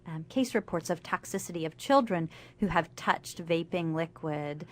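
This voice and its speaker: A woman's voice: on the low side, lively intonation, normal speed. Enthusiastic female doctor explaining on radio. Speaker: family medicine doctor, guest. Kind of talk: radio interview, explaining health facts. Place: radio studio.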